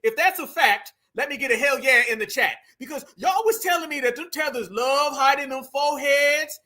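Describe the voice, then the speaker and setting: A man with a very high, sharp, bright voice, loud and taunting as he mocks the clips he reacts to. His delivery is slangy and scornful, pitched well above most men. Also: moderate pace. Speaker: commentary streamer. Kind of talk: mocking reaction commentary.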